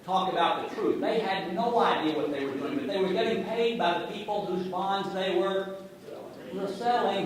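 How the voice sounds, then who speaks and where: A man's voice: high voice, lively intonation, normal speed, crowd noise. Sarcastic man lecturing in an echoey hall. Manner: sarcastic, jokey, addresses the audience directly. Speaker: speaker giving a talk on finance. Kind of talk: sarcastic lecture to a live audience. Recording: echoey hall from far off, noisy.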